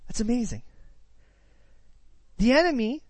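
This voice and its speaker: Lively woman preaching a sermon. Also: on the high side, a little slow, breathy edge, no room sound. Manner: lively, conversational, many rhetorical questions and "right?" tags. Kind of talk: sermon, retelling scripture.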